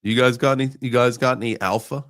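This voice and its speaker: Talking fast in a steady, medium-pitched and fairly bright voice, a man runs a live crypto trading show as casual market chat. He wanders through the charts with lots of fillers, joking sarcastically and addressing chat viewers by name.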